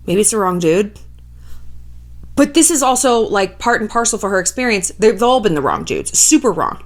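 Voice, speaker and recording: A woman's voice: mid-range voice, normal speed. A woman doing a casual commentary vlog, chatty and profane, full of "like.". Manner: animated, profane, chatty with filler 'like'. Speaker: YouTuber commentator.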